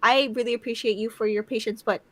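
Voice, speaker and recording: A woman's voice: on the high side, steady tone, fast talker, dry recording. A young woman co-hosting a casual livestream podcast, chatting, laughing often and reading viewer comments aloud. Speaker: podcast co-host.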